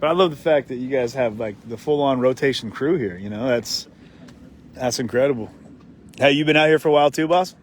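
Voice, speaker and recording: A man's voice: mid-range voice, fairly quick, a little hiss or hum. A man reporting outdoors at a horse stable, cracking puns and teasing the people he interviews in a casual street interview. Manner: playful, punny, self-mocking.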